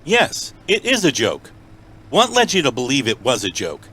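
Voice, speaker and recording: A man making a prank phone call in a deadpan mock automated phone-menu voice. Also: medium pitch, moderate pace, breathy edge. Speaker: prank caller.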